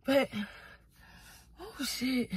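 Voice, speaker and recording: A woman's voice: high voice, expressive, drawn-out words, husky, no room sound. A young woman vlogging casually from a car, talking in a profane, brash, rambling way. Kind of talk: casual vlog rant.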